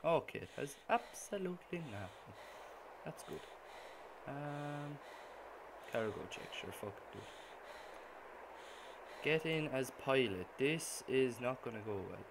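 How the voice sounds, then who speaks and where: A young man talks over a game, swearing nonstop. His voice swings widely in pitch as quiet muttering breaks into sudden shouts. There is a clear hiss of noise under the recording. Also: lively intonation, takes it slowly, long pauses. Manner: swears constantly, muttering that bursts into sudden yells. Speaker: gaming channel host. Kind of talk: profane gameplay commentary. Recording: noisy gameplay recording.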